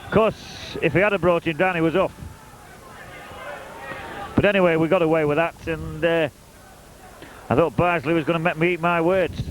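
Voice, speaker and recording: Man with a high voice, chatty and wry commentary on a football match for the home team, loud noise behind him in an open-air stadium. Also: steady tone, normal speed, long pauses. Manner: chatty, wry and openly partisan. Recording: noisy outdoor stadium recording.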